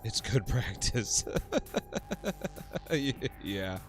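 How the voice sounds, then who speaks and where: A man's voice: fairly low pitch, sing-song, drawn-out words, soft background music. A man hosting a casual livestream, laughing often, swearing freely and answering his chat. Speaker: livestream host.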